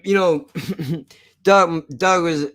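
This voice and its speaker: A man's voice: sits high, steady tone, very slow, a bit bright. A man from South Jersey with a South Jersey accent, chatting loosely and with swearing on a live stream. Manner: loose and profane, talks to chat. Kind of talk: casual live-stream chat.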